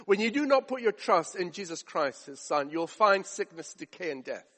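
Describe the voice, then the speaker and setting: A man's voice: sits high, big pitch swings, moderate pace, bright, forceful tone, big-room sound. A man preaching a sermon, emphatic with rhetorical questions and repetition.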